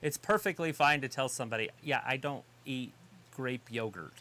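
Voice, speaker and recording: A man's voice: mid-range voice, moderate pace, pushed and bright. A man co-hosting a live wrestling watch-along, chatting casually, joking and calling the action. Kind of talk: casual live commentary chat.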